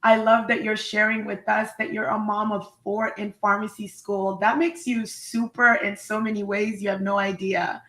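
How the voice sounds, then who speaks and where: A woman's voice: medium pitch, little pitch movement, moderate pace, hardly any pauses, pushed and bright, roomy sound, low-quality recording. A woman hosting a live online talk show, effusive and upbeat as she introduces her guest. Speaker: host.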